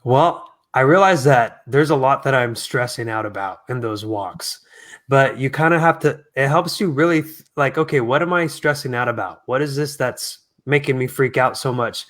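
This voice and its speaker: A man speaking as a guest in a casual interview, talking in an earnest, reflective, soft-spoken way. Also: mid-range voice. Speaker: guest singer.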